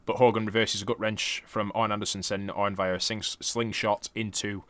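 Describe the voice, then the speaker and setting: A man's voice: on the low side, flat delivery, moderate pace, fairly bright tone, no room sound. A man co-hosting a podcast, recapping matches in a laid-back, dry way with casual swearing. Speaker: podcast co-host.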